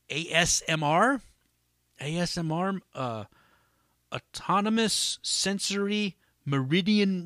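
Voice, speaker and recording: A man's voice: fairly high pitch, bright, forceful tone, no echo, clean studio sound. A man hosting a solo podcast in a casual, rambling, profane way with lots of fillers. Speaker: podcast host.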